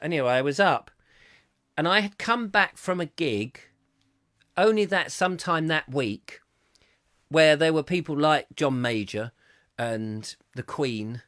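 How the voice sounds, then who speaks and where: A man's voice: a little high, a bit bright, dry recording, clean studio sound. A middle-aged man hosting a live chat show, telling rambling anecdotes with digressions and restarts. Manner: chatty, digressive, with many fillers and restarts. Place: home studio, live stream.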